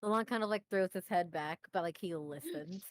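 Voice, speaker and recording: A woman's voice: lowish voice, normal speed, dry recording. A woman playing a tabletop game, describing her character's actions with frequent laughter and restarts. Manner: laughs often, hesitant restarts. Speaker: player. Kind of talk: casual tabletop play.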